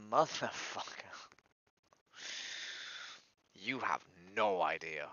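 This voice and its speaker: A man's voice: on the low side, animated, moderate pace, creaky, sharp tone, dry recording, highs cut off. A man streaming alone, upset and weary, venting his frustration in a despondent monologue that swears and trails off into mutters.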